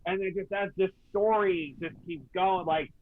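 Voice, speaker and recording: Male guest, high voice, phone-thin remote audio, earnest casual talk. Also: fairly even intonation, moderate pace. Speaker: podcast guest. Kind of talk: casual wrestling chat. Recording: tinny phone-like line.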